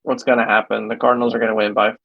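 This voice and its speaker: A man on a casual sports chat who drops in quick joking remarks. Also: on the low side, little pitch movement, gravelly, slightly rough, no room sound, highs cut off.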